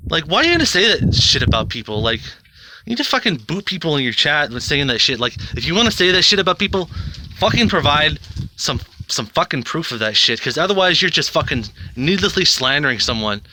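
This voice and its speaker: A man's voice: fairly high pitch, very animated, fairly quick, sharp tone, slight background noise. A man rambling bluntly to camera in a casual monologue, swearing a lot. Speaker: video host.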